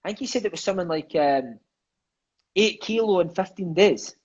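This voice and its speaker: Husky high-voiced Scottish man telling stories. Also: moderate pace, muffled recording. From Scotland. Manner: lively, profane, peppers speech with "mate". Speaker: guest, former footballer. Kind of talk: storytelling interview chat.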